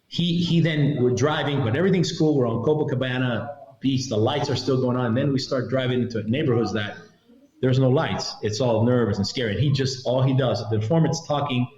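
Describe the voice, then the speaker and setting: A man's voice: mid-range voice, fairly quick. Middle-aged man telling a story, roomy sound. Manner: animated storyteller who acts out the voices of others in his story. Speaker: guest, retired federal agent. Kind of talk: recounting a story in a podcast interview. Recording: roomy, slightly dull sound.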